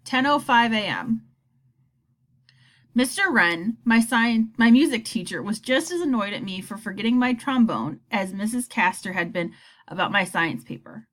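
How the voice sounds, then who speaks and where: A woman reading a children's novel aloud, telling the story in an expressive first-person voice. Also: a little high, normal speed. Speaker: audiobook reader.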